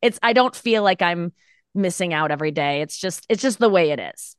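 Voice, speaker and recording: A woman's voice: on the low side, expressive, brisk, smooth, no room sound, studio quality. A woman in her thirties, a comedian guest on a podcast, talking in a candid, rambling and self-mocking way. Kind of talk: casual podcast chat.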